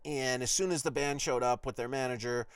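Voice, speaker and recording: A man hosting his own podcast, telling a rambling personal story with lots of swearing and animated asides. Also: mid-range voice, a little fast, clean tone, dry recording. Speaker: podcast host.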